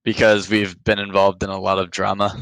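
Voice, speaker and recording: A man on a podcast as the guest, chatting casually and trailing off into quiet mumbles. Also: low voice, completely flat delivery, fairly quick, dry recording, poor audio. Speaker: podcast guest, pro esports player. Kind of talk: casual chat.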